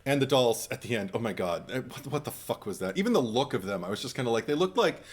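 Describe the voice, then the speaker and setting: Male American podcast co-host, mid-range voice, lively and theatrical in casual chat. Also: fast talker. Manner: animated, bursts into high-pitched laughing impressions.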